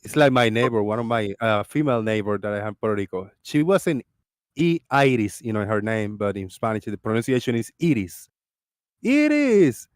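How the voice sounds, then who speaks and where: A man hosting a casual livestream chat, telling stories in an animated way and laughing often. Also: fairly low pitch, quick pace, clean tone, dry recording. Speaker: livestream host.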